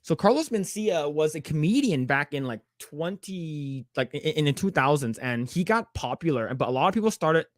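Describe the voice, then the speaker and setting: Man, podcast co-host, casual chat, slightly high voice, dry close sound, rambling animated delivery. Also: moderate pace, few pauses, dry recording. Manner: animated retelling with many fillers and put-on voices.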